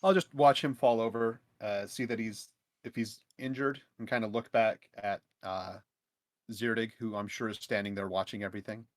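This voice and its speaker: A man playing a tabletop role-playing game, describing his character in a calm, contemplative way. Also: on the low side, moderate pace, dry recording, clean studio sound. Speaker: player. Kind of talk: casual tabletop role-play.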